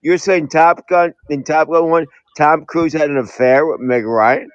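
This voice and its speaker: A man's voice: a little high, fairly even intonation, measured pace, clear, resonant tone, no room sound. Laid-back man saying dude a lot. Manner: laid-back, says "dude" constantly, argues playfully. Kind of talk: casual comedy banter. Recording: dull dry lo-fi sound.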